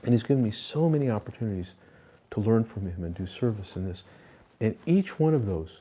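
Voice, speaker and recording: Mellow-voiced older man telling stories. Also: lowish voice, expressive, fairly quick. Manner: earnest, reflective, loose with fillers and restarts. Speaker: interview guest. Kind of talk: personal spiritual storytelling.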